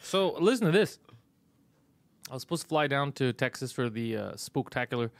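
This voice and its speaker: A man hosts a casual comedy podcast, recounting his mishaps with plenty of swearing and laughter. His voice sits at a medium pitch and is recorded close and dry, with no room sound. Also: animated, normal speed, gravelly, dry recording. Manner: profane, exasperated storytelling with frequent laughs. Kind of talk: casual chat, storytelling.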